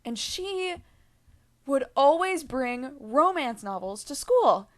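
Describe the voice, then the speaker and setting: A woman's voice: sits high, sing-song, slow. A young woman telling a rambling story to her vlog viewers, full of fillers, asides and giggles. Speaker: vlogger.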